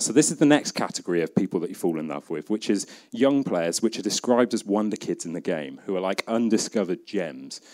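A man with a British accent gives a lively, jokey talk at a conference event. He is chatty and slips into acted-out bits of dialogue, and his voice sits a little low. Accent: British English. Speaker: conference speaker. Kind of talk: humorous live talk.

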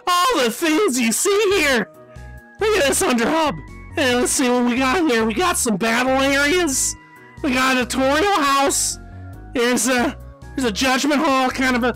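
A man voicing an excitable young male monster kid in a social VR game, gushing and stammering with excitement. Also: very high voice, unhurried, soft background music, exaggerated voice, poor audio. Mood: starstruck. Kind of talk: voice chat role-play in a social VR game.

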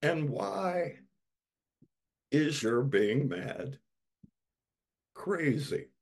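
Slow gravelly male preacher. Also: a little high, sing-song. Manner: slow, emphatic preaching with dramatic repetition. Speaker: pastor. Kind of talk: sermon.

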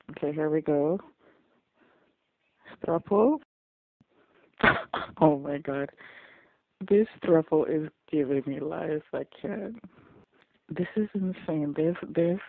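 Gravelly, slow-talking reaction commentator. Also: medium pitch. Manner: excitable, gushing, quick to get emotional. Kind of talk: casual audio reaction commentary. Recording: dry, tinny phone-like sound.

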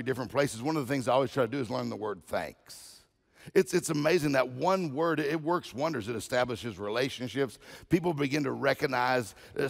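A man's voice: mid-range voice, vocal fry, long reverb tail. A man preaching as a guest speaker, telling folksy humorous stories and often repeating words. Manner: storytelling, folksy, repeats himself.

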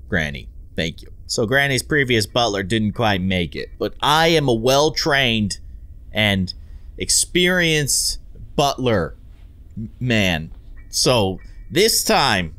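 A young man narrates his gameplay in a playful, chatty way. His pitch bounces around a lot, and he often trips over and repeats his words. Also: big pitch swings, a little slow, fairly bright tone, no echo. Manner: playful, self-amused, chatty with repeated restarts. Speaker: gaming video host. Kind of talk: let's play commentary.

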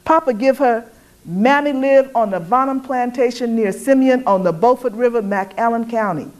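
A woman's voice: fairly high pitch, normal speed, a little mellow, pitched above the performer's own voice, lightly acted. A woman voicing an indignant, flustered young plantation mistress who sputters in a raised voice.

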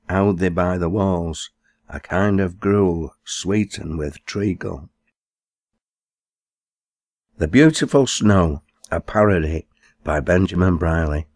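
A man with a Lancashire accent recites dialect verse in a very low, deep voice. He takes his time over every line, and the sound is dry and close with no room around it. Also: darkish tone, no room sound. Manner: recites broad dialect verse, lifting his voice for quoted characters. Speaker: poetry reader.

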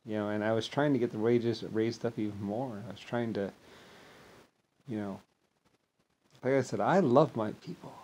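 A man talking in a rambling, grandiose monologue, mostly low and mumbled with sudden loud bursts, mocking others in blah-blah voices. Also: normal speed, pauses often. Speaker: vlogger.

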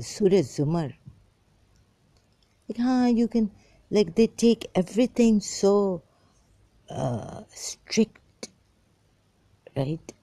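A woman's voice: fairly low pitch, mellow, dry recording. A woman giving an informal, rambling religious talk, reading verses aloud and commenting on them with many fillers and restarts.

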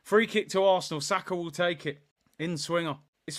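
A man's voice: sits high, normal speed. A man reacting to a football match by calling the play like a commentator. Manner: shouted commentary.

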